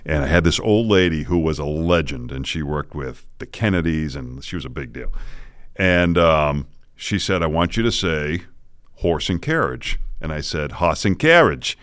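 A middle-aged man from the Boston area, a news anchor telling lively anecdotes with frequent chuckles in a casual podcast. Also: extremely low pitch, normal speed, clear, resonant tone, no echo, studio quality. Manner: animated anecdotes, chuckling often.

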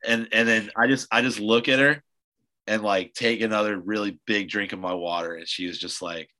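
A man with a lowish pitch and a bright, forceful voice, hosting a casual podcast. He rambles through his stories, packing them with "like" and "uh". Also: fairly even intonation, normal speed, rough recording. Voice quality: loose, rambling storyteller with many fillers. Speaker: podcast host. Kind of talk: casual chat.

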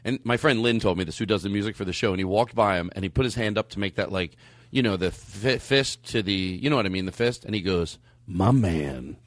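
A man's voice: lowish voice, fast, no room sound. A man hosting a comedy podcast, telling stories animatedly with lots of fillers. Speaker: podcast host.

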